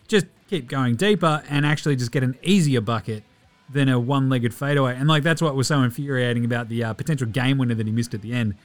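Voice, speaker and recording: A man with an Australian accent hosting a casual basketball recap podcast, sweary and excitable, mocking players in silly voices. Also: mid-range voice. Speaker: podcast host.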